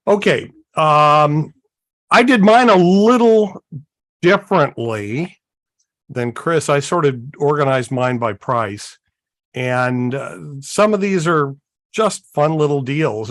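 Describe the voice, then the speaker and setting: A man talks through gear on a live hobby show in a slow, easygoing way, with plenty of "uh" and "um" along the way. His voice sits in a middle range and sounds dry and close, with no room around it. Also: medium pitch, fairly bright tone, no room sound. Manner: unhurried, folksy, many fillers. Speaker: co-host. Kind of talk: casual show-and-tell chat.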